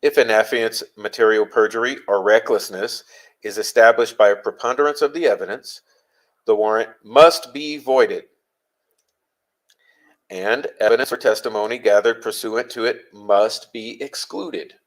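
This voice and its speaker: Lower-voiced man explaining legal texts. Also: fairly even intonation, poor audio. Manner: deliberate, stresses key phrases. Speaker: legal commentator.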